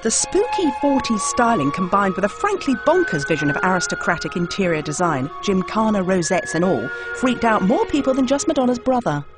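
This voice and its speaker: A woman's voice: medium pitch, sing-song, a little fast, hardly any pauses. Wry woman documentary narrator. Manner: wry, mocking. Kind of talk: scripted narration. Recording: voice-over with music behind.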